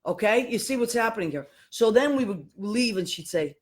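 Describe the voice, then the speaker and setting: A woman tells a family story on her podcast. She talks casually and with animation, and acts out the voices of the people in it. Her voice sits at a middle pitch. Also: animated, normal speed. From Boston, USA. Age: 50s. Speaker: podcast host.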